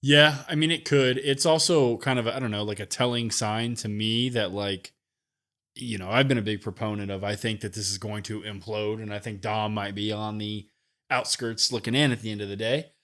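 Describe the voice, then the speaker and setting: A man's voice: on the low side, fairly even intonation, normal speed, fairly bright tone. A man co-hosting a wrestling podcast, giving his opinions casually and thinking aloud. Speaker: podcast co-host.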